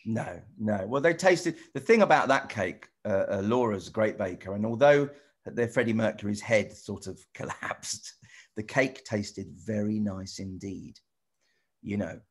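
A middle-aged man with a somewhat low voice chats with children over a video call. He rambles and halts, restarting his sentences again and again and padding them with "you know". The tone stays casual and friendly. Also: a little slow, breathy edge. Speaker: celebrity guest answering children's questions.

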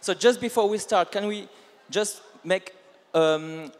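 A man's voice: sits high, slow. A man teaching a line dance, stopping often to check that the class is following. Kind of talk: live dance instruction. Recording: long hall reverb.

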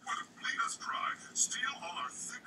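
A woman's voice: moderate pace, bright, forceful tone. A woman voicing a melodramatic talking tree in a game playthrough, shifting between screams and hissed whispers. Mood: hissing whisper. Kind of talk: let's play voice acting.

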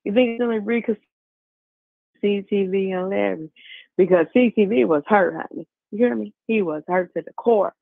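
Guy calling in over a thin phone line, fairly high voice, rambly gossip. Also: moderate pace, creaky, no room sound. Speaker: caller. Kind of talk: casual phone chat.

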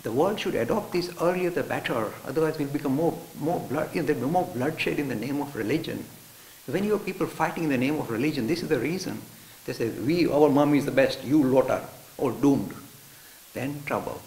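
A man giving a lively storytelling lecture to an audience and acting out the characters in his stories. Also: a little high, fast. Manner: animated, acts out characters. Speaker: religious studies lecturer. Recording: roomy hall with faint hiss.

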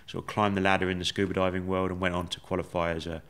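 A man with a very low voice talks through his story as a podcast guest. He speaks in a measured, reflective way and often pauses on fillers. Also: level tone, a bit bright, clean tone. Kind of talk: conversational storytelling.

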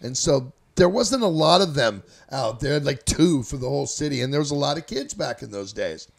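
A man from Northern California with a gravelly, creaky voice tells a story in a relaxed, rambling way, and he swears freely. His pitch sits in the middle of the usual range for a man. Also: moderate pace. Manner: profane, loose and rambling. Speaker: storyteller guest. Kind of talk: casual anecdotal storytelling.

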